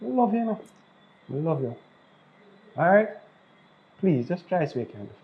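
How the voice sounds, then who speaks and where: A man's voice: sits high, very animated, normal speed. A man with a Jamaican accent playing a worried father who earnestly pleads with his daughter and repeats himself as he begs. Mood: begging. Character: worried father, middle-aged, stern and loving. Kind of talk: improvised family drama skit. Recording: slightly dull lo-fi sound.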